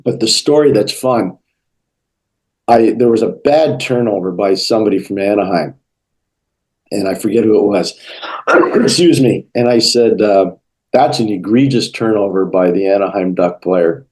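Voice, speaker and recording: A middle-aged man answering interview questions with a low, mellow voice. He tells stories with energy, acting out each quote as he goes. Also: normal speed, rough recording. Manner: animated storyteller, acts out quotes. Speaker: interview guest, hockey broadcaster.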